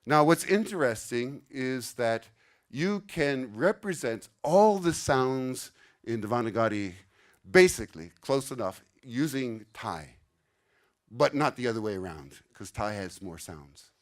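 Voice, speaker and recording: An older man at a conference gives a casual, explanatory lecture to a live audience in a conference room, frequently checking in with "okay?". His medium-pitched voice has lively intonation and runs a little slow.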